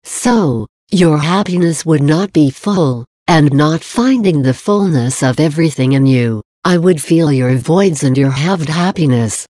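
A woman reading the words of Jesus as a gentle, loving male divine speaker, in a measured, earnest devotional reading. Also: deep voice, lively intonation, no room sound, studio quality. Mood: tender.

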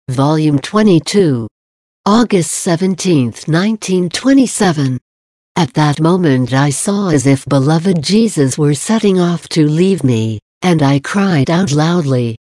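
Low-voiced woman reading devotions. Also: expressive, a little slow, mellow, no echo, studio quality. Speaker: reader.

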